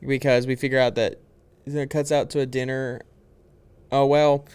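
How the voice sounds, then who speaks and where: Young man, podcast co-host, casual movie chat, rambling plot recap, smooth clear voice. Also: medium pitch, level tone, moderate pace, a little mellow.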